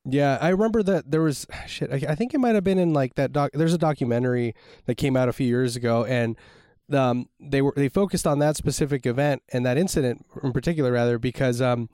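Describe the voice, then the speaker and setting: A man's voice: mid-range voice, fast, dark tone, smooth, dry recording, studio quality. A man hosting a casual chat, laid-back and sprinkling his talk with slang and fillers.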